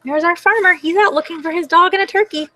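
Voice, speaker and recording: A woman as a children's librarian, reading picture books aloud at a library storytime in an animated sing-song way and asking the children questions. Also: very high voice, fast talker, slight background noise.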